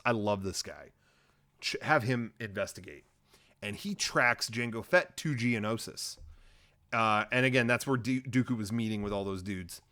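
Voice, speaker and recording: A man co-hosting a comedy podcast, retelling a movie plot in a casual, rambling, profane way, at a middle pitch. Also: a bit bright. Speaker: podcast co-host.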